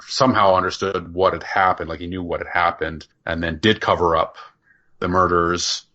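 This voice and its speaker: A podcast co-host with a low, level voice speaks at normal speed, his tone sharp on dull audio. In casual review chat, he rambles through plot explanations and restarts many times.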